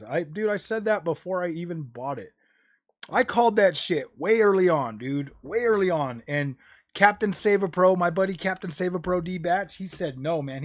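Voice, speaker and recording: A man streaming live, rambling casually about game consoles, saying "dude" and "bro" a lot and cursing now and then. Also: on the high side. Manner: jokey, drops into mocking voices. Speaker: gaming streamer. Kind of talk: casual livestream chat.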